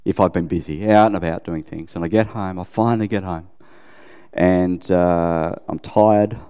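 A man's voice: low voice, steady tone, moderate pace, dark tone, clear, resonant tone, big-room sound. Chatty Australian man preaching. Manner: chatty, self-deprecating, asks listeners questions. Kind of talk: conversational sermon.

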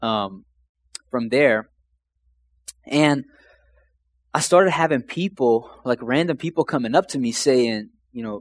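A man's voice: mid-range voice, animated, slow pace, pauses often. A young man from Louisiana casually telling his faith testimony, rambling and emotional, full of "man" and "like". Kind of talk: casual personal storytelling.

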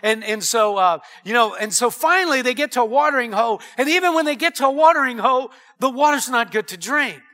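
A man's voice: extremely high pitch, animated, quick pace, few pauses, bright, forceful tone. A man preaching a sermon as pastor, earnest and emphatic, breaking into exclamations.

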